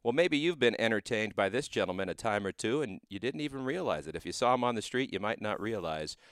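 A man's voice: fairly low pitch, animated, fast, smooth, no echo, clean studio sound. A man hosting a radio interview show, presenting in an earnest, folksy, upbeat way.

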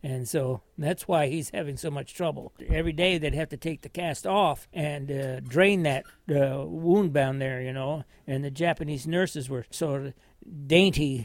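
A man's voice: a little high, dry recording. An older American man, a war veteran, telling his story in a rambling, folksy way with frequent chuckles. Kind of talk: oral history storytelling.

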